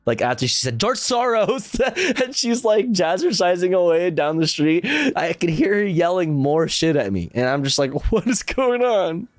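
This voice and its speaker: A man's voice: on the high side, sing-song, normal speed, hardly any pauses, no room sound, clean studio sound. A man streaming a casual reaction, telling a rambling story full of swearing and laughter.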